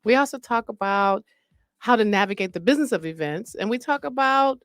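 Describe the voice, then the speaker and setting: A woman's voice: on the high side, a little fast, no echo. A woman hosting a podcast, recording casual promo takes and laughing at her own flubs. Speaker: podcast host and event business founder.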